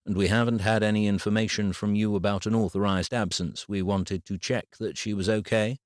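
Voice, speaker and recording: A man's voice: lowish voice, steady tone, no echo, clean studio sound, close to an everyday voice. A man as a firm school official. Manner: firm, measured. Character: male school official, firm yet concerned.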